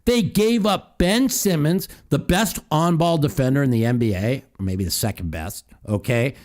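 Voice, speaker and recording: Lively, profane man ranting. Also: mid-range voice, normal speed. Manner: profane, heated ranting with mocking quotes. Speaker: call-in show host. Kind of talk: call-in talk show.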